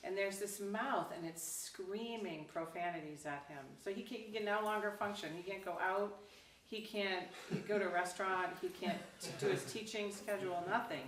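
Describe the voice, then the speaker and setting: A woman Zen teacher giving a dharma talk, telling a story casually with lively acted quotes, recorded from a distance in a roomy hall. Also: mid-range voice, moderate pace. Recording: roomy, distant, faint background noise.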